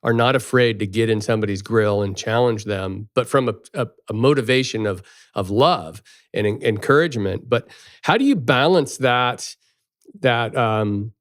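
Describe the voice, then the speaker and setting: A man's voice: medium pitch, normal speed, dry recording, studio quality. A man co-hosting a podcast, speaking earnestly and hesitantly with frequent restarts in casual conversation. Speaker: podcast co-host.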